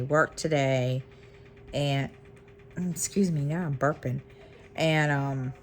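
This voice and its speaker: A woman's voice: low-pitched, a bit bright. A middle-aged woman chatting casually to her viewers, rambling with many ums and restarts. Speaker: cross-stitch vlogger. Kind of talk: casual chat to camera.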